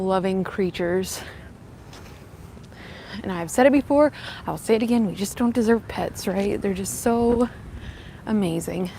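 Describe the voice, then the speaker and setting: A woman's voice: mid-range voice, creaky, darkish tone. Young woman on a walk, chatting to her stream, kinda breathless, a bit of wind hiss. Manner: chatty and upbeat, greeting viewers by name. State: slightly out of breath from walking uphill. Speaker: vlogger live-streaming. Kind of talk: casual live-stream chat while walking. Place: outdoors on a windy walk.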